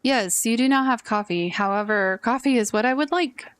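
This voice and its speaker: A rigid, formal businessman from a video game, as a woman reads him aloud. Every word comes out flat and overly proper. The voice is fairly high. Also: moderate pace, natural voice. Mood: stiff. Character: stiff formal businessman customer who insists on coffee.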